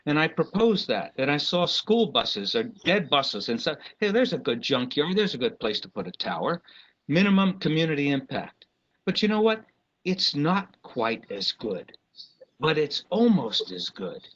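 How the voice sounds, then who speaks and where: An RF engineer consultant addresses a public meeting, impassioned and apologetic, stopping and restarting often. His fairly high, fairly bright voice swings widely in pitch at a moderate pace, captured in a dull lo-fi meeting recording.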